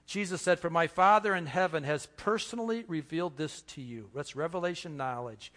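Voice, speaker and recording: Male pastor, slightly high voice, earnest sermon with repetitions; long hall reverb. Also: a bit bright. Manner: earnest preaching with slow emphatic pauses and repetitions.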